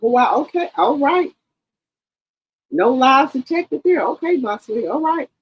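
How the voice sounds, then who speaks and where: A woman in her sixties hosting a casual live stream, reading viewer comments aloud in an animated, profane way and repeating herself. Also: high voice, measured pace, poor audio. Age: 60s.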